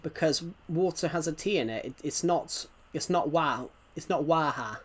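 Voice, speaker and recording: A man's voice: fairly high pitch, normal speed, slightly rough. A British man chatting casually on a game stream, rambling and repeating himself, his mic set a bit away behind a laptop. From Britain. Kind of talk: casual gaming stream chat.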